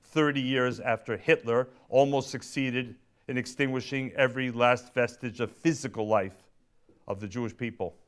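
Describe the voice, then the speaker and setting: A man delivering a public speech as featured speaker, with measured pacing, deliberate pauses and emphatic stresses. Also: mid-range voice, fairly even intonation, smooth.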